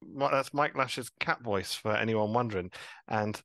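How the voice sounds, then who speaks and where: A man, co-hosting a podcast in a relaxed, teasing way. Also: lowish voice, no room sound. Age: 30s. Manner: laid-back, teasing, quick to laugh. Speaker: podcast co-host. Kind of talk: casual podcast chat.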